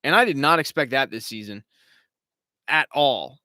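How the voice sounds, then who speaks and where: A man's voice: medium pitch, animated, normal speed, pushed and bright, dry recording, clean studio sound. A man hosting a live recap stream, talking casually at home, rambling, swearing and slipping into mocking impressions. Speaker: show host.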